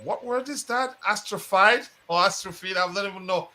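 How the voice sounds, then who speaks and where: A man hosts a casual live football stream, his voice bright and fairly high. He rambles along with frequent fillers and restarts, keeping a relaxed, chatty flow. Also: brisk. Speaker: host.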